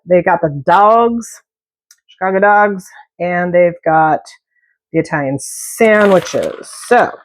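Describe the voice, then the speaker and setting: A woman's voice: lowish voice, slow pace, a little hiss or hum. Chatty woman telling stories while cooking. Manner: chatty storyteller, jokey asides. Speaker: cooking vlogger. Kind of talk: casual chat while cooking.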